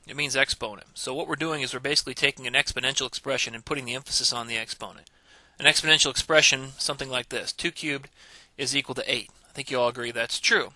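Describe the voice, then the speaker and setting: A man delivers a recorded math lecture in a very bright, crisp voice. He explains step by step with patience and slows down to stress the key ideas. The sound is dry and close, with no room echo. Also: medium pitch. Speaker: math instructor.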